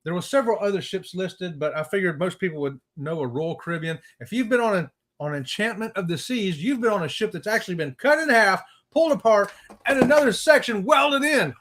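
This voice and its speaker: A man's voice: high-pitched, expressive, fairly quick, a bit bright. Folksy joking Southern man co-host. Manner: joking, folksy, laughs at his own puns. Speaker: co-host of a live cruise chat show. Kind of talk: casual live-stream chat.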